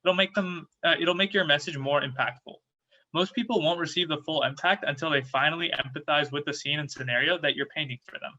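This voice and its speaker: A young man presents his part of a student workshop over a video call, reading steadily from a script. His voice is bright and fairly high for a man. The audio sounds dull and lo-fi. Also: a little fast.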